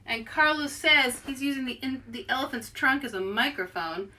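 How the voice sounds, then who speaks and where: A woman author leading an interactive storybook read-aloud for children, playful and animated, inviting listeners to join in. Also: high voice, normal speed.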